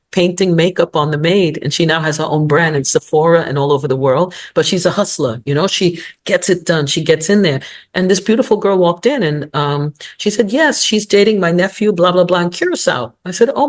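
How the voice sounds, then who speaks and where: A woman in her sixties, a guest on an interview show, telling stories and giving motivational advice with frequent laughter. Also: deep voice. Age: 60s. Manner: lively, laughs often, motivational, storytelling. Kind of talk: casual interview talk.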